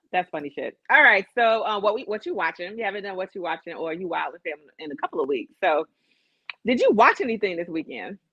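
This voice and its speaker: Woman cohost talking loose and lively, swears a lot, dry dull lo-fi sound. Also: mid-range voice, brisk, breathy edge, no echo. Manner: animated, swearing, laughing often. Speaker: podcast co-host. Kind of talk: casual chat.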